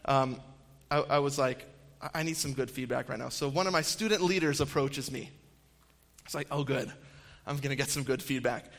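A man's voice: mid-range voice, moderate pace, a bit bright. A man in his thirties giving a storytelling sermon, conversational and self-deprecating, with frequent ums and restarts. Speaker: campus minister speaking to an audience. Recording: long hall reverb.

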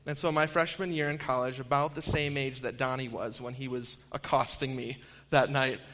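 A man's voice: medium pitch, sharp tone. A man in his thirties giving a storytelling sermon, conversational and self-deprecating, with frequent ums and restarts. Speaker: campus minister speaking to an audience. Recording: long hall reverb.

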